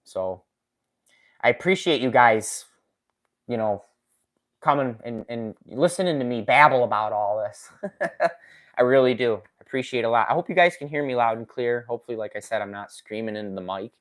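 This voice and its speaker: A man's voice: medium pitch, moderate pace, fairly bright tone. Chatty man hosting a live stream. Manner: chatty, reads chat comments aloud, laughs often. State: recovering from a finger injury, in a splint. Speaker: woodworking channel host. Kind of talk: casual live stream chat. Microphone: desk microphone.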